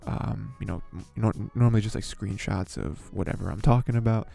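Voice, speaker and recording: A man's voice: fairly low pitch, fairly quick, vocal fry, warm tone, soft background music. A young man hosting a podcast, talking in a rambling, filler-heavy, exasperated way. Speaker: podcast host. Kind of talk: casual commentary.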